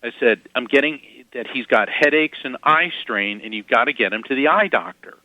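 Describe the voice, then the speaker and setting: A man guesting on an interview, telling his stories in a chatty, animated way with quick asides and chuckles. His voice sits at an ordinary pitch. The audio is dry and somewhat dull and lo-fi. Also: dry recording. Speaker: guest psychic medium. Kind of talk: casual interview storytelling.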